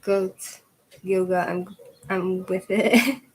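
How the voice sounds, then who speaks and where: A woman's voice: medium pitch, steady tone, extremely slow, poor audio. A woman chatting casually on her video channel, rambling with lots of "like" and laughing while she tries yoga stretches, a little out of breath. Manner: rambling, chatty, laughs often, says "like" a lot. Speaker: tarot channel host. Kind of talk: casual chat while showing yoga moves. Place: at home with her dog.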